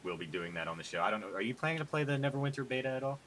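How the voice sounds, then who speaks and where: A man's voice: medium pitch, animated, rapid-fire, a bit bright, slight background noise, poor audio. A man hosting a podcast, chatting casually and joking as he rambles through plans for the show. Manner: rambling, joking, upbeat promo talk. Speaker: podcast host.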